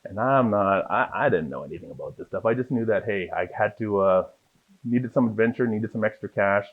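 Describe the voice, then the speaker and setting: A man telling lively stories about his acting career in a casual interview, acting out the people in them. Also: on the low side, fairly quick. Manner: animated storyteller, acts out voices in his anecdotes. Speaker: guest, actor. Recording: dull lo-fi sound.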